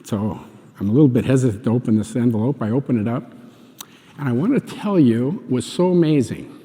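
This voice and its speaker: A man's voice: mid-range voice, animated, brisk, dark tone, long reverb tail. A man earnestly telling a personal faith testimony, emotional and acting out the dialogue. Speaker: speaker giving a faith testimony.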